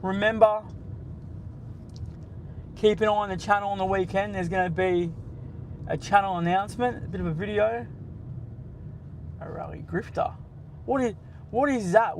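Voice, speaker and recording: A man's voice: high-pitched, gravelly, darkish tone, slight background noise, poor audio. An Australian man in his late forties, hosting a casual, blunt and sweary live stream, bantering with his chat from the driver's seat of a car. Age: 40s. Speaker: livestream host.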